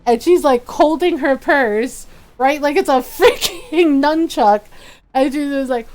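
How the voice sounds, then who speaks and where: A woman streamer chatting casually while gaming, telling animated stories and laughing often. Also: high voice, measured pace.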